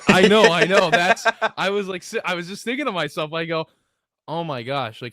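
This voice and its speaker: A young man hosting a chat, enthusiastic and quick to laugh. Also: a little high, fairly bright tone, no room sound, clean studio sound. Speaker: podcast host. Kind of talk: casual chat.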